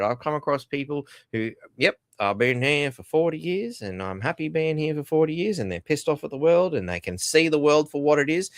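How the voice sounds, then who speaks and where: A man's voice: mid-range voice, no room sound, studio quality. An Australian man hosting a podcast, delivering a rambling, profane, sardonic rant. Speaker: podcast host. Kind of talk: ranting commentary.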